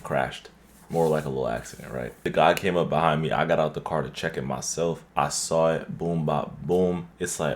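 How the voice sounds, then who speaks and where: A man vlogger telling a story in an animated, slangy and profane way. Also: a bass voice, normal speed. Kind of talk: story-time vlog.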